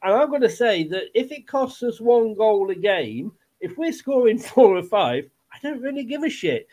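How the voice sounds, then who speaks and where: A man's voice: high-pitched, big pitch swings, normal speed, a little mellow. Chatty man hosting football talk. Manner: chatty, laughs often, swears casually. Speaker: podcast host. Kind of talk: casual football chat.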